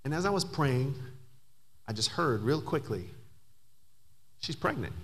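A man's voice: mid-range voice, animated, moderate pace. A man preaching a sermon as pastor, telling a story and building to emphatic, climbing passages.

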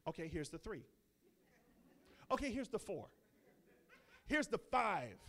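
A man preaching a sermon, swinging from slow, soft quoted prayers up to loud, exclaimed lines. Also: sits high, big pitch swings, gravelly.

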